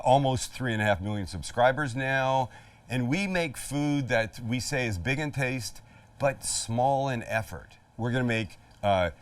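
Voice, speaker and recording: A man's voice: mid-range voice, no room sound, far from the mic. A middle-aged man hosting a casual cooking demonstration in his backyard, chatty, jokey and emphatic. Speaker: cooking show host. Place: outdoor backyard kitchen.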